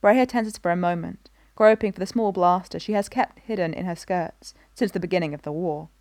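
A woman narrates a story in an even, measured way. Her voice sits somewhat low, and the recording is close and dry with no room sound. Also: dry recording. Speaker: reader. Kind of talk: scripted narration of a fan story.

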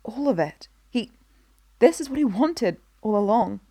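A woman's voice: a little high, animated, measured pace, dark tone, husky, no echo, pitched above the performer's own voice, exaggerated voice. A woman voicing an anguished, strong-willed queen who speaks urgently.

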